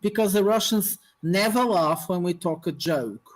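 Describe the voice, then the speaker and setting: A man with a high voice chats on an online panel. He repeats himself as he works toward his point. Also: normal speed, slight background noise, poor audio. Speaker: panel guest. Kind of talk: casual group chat.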